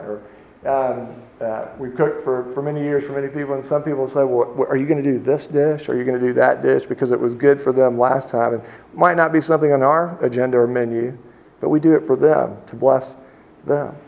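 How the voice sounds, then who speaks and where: A man giving a sermon in a mellow, warm-toned voice at an ordinary pitch. He preaches in a relaxed, chatty way, often circling back and restarting his sentences. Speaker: pastor.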